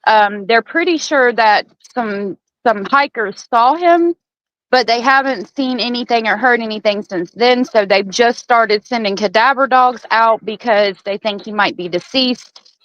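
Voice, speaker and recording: A woman's voice: a little high, unhurried, a bit bright, no echo, highs cut off. A woman guest on a true crime chat, talking casually and hesitantly with many fillers, in a sympathetic tone.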